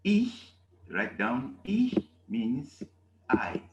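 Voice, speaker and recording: A man teaching a language class in a roomy, echoing space with a faint hiss behind him. He talks slowly and with a lively, swooping pitch, and he keeps checking in with his students. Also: muffled recording. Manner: repetitive, emphatic, asks "okay?" often. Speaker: German teacher. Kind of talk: classroom lesson.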